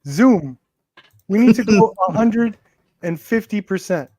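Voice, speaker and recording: A man's voice: sits high, lively intonation, unhurried, a little mellow, slightly rough, dry recording. A man co-hosting a live movie talk show in a casual, jokey chat, laughing often.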